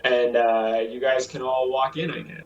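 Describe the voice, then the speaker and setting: A man's voice: medium pitch, flat delivery, normal speed, lo-fi sound. A young man narrating as game master in a rambling way, full of fillers. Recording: roomy sound with faint music.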